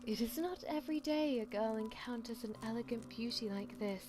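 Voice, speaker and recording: A woman's voice: fairly high pitch, fairly quick, over music. A woman streamer reading a visual novel aloud and chatting playfully with her viewers. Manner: playful, giggly asides to chat.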